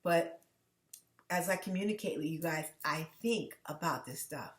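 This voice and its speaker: Her voice sitting low and her speed normal, this US channel host addresses viewers straight on in a commentary vlog recorded in an echoey room. She comes across as earnest and emotional, frequently stopping and starting sentences again.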